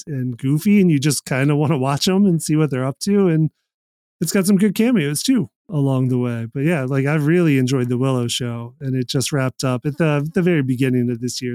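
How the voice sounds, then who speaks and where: A man's voice: mid-range voice, darkish tone, clear, resonant tone, no room sound, studio quality. A man co-hosting a podcast, chatting casually and with enthusiasm, with many fillers. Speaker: podcast co-host. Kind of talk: casual chat.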